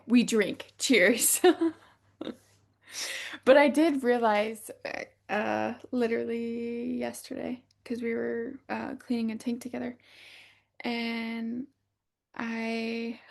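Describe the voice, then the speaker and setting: A woman's voice: fairly high pitch, creaky. A woman co-hosting a podcast, from the United States, telling stories in casual chat, acting out what others said and laughing often. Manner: animated storytelling, acting out quotes, laughing often. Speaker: podcast co-host.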